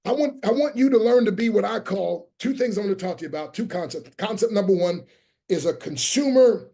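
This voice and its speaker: A man's voice: high-pitched, expressive, fast talker, warm tone. A man giving a motivational business talk as a guest speaker. He speaks like a preacher, drives his points home with emphasis, and spells out key words letter by letter. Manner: preacher-like, emphatic, rallies listeners. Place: online training session.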